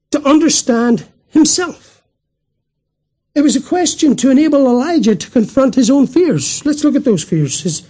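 High-voiced man preaching a sermon. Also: darkish tone. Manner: emphatic, full of rhetorical questions.

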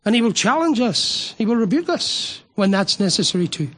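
A man's voice: sits high, very animated, normal speed, fairly bright tone. A man preaching a sermon on a Bible passage, earnest and emphatic, repeating words as he stresses his points.

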